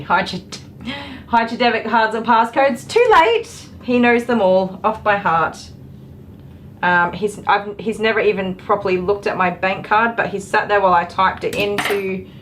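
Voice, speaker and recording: In an indoor grooming salon, a middle-aged woman chats on a live stream while grooming dogs, peppering her talk with ums and laughs. Her voice sits lowish with a fairly bright tone. The audio is poor, with a little hiss or hum.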